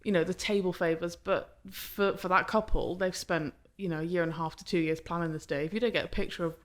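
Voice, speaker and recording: A young woman, a wedding photographer, chatting casually in an interview, blunt and lively, sometimes swearing and acting out clients. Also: on the low side. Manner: chatty, blunt, swears, acts out clients and herself in quick voices. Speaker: wedding photographer, podcast guest.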